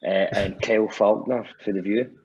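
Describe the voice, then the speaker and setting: A man's voice: fairly low pitch, fairly even intonation, moderate pace, a little mellow, slightly rough. A Scottish man, a musician guest, telling stories in casual chat, swearing freely and restarting often. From Scotland. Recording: dull lo-fi podcast audio.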